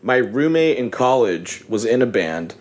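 A young man hosting a casual chat, telling an animated story with lots of laughter and swearing. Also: medium pitch, a little slow. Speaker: podcast host.

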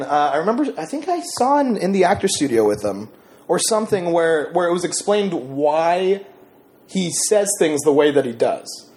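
A playful male podcast host runs a casual chat, his slightly high voice moving in a lively way. He prompts his guests like a game-show emcee, with faint noise behind him.

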